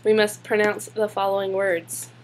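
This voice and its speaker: Young woman, giggly and casual, mid-pitched voice. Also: level tone, moderate pace, slight background noise. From Spartanburg, South Carolina. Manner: giggly, laughs between words. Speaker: vlogger. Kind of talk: casual chat reading a word list.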